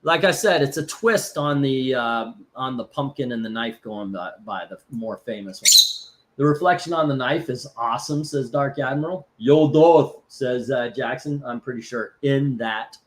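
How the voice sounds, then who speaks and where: A man's voice: mid-range voice, normal speed, pushed and bright. A man from Florida hosting a casual live stream, rambling with lots of fillers and restarts while reading out chat. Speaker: host.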